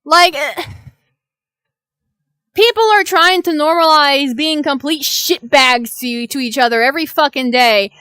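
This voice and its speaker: A woman's voice: high voice, unhurried, sharp tone, no echo. A young adult woman streamer venting in an exasperated, profane rant. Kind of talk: venting live-stream chat.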